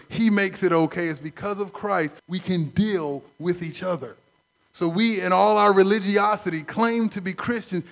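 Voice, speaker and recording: A man preaching a sermon, conversational and animated, acting out stories. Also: high-pitched. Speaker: pastor.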